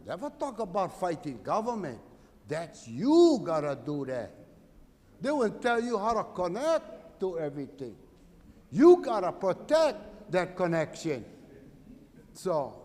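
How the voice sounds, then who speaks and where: A middle-aged man from Hawaii's Big Island with a Hawaiian Pidgin accent, giving an impassioned activist talk at a conference, swinging from loud to quiet. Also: high voice, very animated, unhurried, long pauses, big-room sound.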